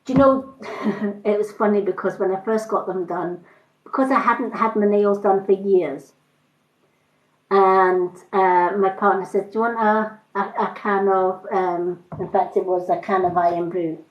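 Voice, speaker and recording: A woman's voice: medium pitch, fairly even intonation, measured pace. Rambling chatty woman, roomy sound. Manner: rambling storyteller with frequent fillers. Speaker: makeup and skincare seller. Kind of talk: casual live-stream chat. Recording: roomy, slightly dull sound.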